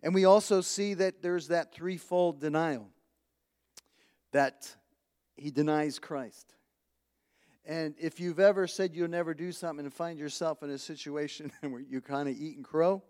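Speaking a little slowly in a slightly high, darkish voice, a pastor delivers a chatty sermon in a long hall reverb. He often chuckles, repeats himself as he works through his thoughts, and questions the congregation.

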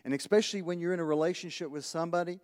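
A pastor with a voice on the high side, a little mellow and clean, preaches very fast in a conversational sermon. He chuckles often, repeats words while thinking, and asks the congregation questions, all under a long hall reverb.

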